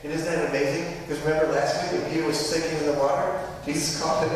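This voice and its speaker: A man's voice: fairly high pitch, fairly even intonation, quick pace, a little hiss or hum. Male priest, chatty sermon with tag questions, long reverberant hall, faint ambience. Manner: conversational, frequent tag questions. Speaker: pastor. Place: church. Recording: echoey church hall, mic from far.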